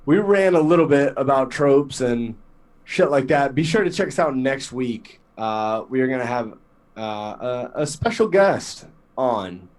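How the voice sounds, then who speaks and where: A man signs off his podcast in an easy, joking way. His voice sits at a middle pitch, and he talks loosely, with the odd swear word thrown in. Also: expressive, a little slow. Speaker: podcast host. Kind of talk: casual podcast outro chat.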